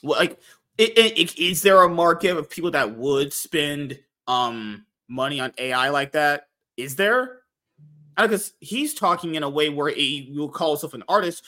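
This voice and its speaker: A man's voice: on the high side, lively intonation, normal speed, pushed and bright. A man co-hosting a casual podcast, telling a story in a loose, rambling way. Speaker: podcast host. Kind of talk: casual chat.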